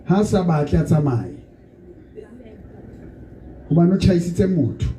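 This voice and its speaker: Brief: male preacher, fairly high voice, leads call-and-response prayer in a noisy echoing church. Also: animated, unhurried, warm tone. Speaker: prophet leading a church service. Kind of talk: sermon and led prayer. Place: church hall with congregation. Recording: echoey noisy church hall.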